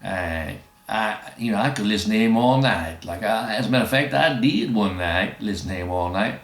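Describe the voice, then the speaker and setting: A man's voice: lowish voice, moderate pace. A man telling rambling, chuckling anecdotes in casual chat. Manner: rambling, chuckling, doing quoted voices. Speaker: storyteller. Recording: roomy echo.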